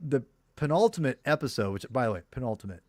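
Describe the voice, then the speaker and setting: A man's voice: mid-range voice, expressive, fast, background noise. A man in his thirties, co-hosting a casual podcast chat, rambling with frequent restarts. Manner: rambling, lots of restarts and fillers. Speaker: podcast co-host.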